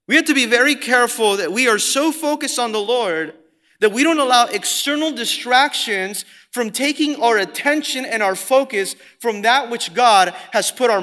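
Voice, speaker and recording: A man preaching a sermon as pastor, earnest and deliberate, slowing down to stress scripture. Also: very high voice, pushed and bright. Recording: long hall reverb.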